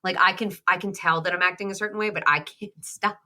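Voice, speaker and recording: Casual podcast host, woman, 30s, slightly low and bright-toned, candid rambler. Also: steady tone, fast. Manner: candid, rambling storyteller with many restarts. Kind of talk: casual chat.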